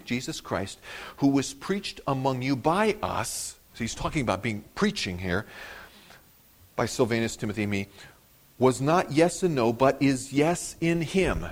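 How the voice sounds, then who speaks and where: A man preaching an expository sermon, acting out the quoted words with sudden rises in pitch and loudness, and sometimes repeating words as he explains. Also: moderate pace. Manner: animated preaching, rising sharply on quoted words. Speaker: pastor.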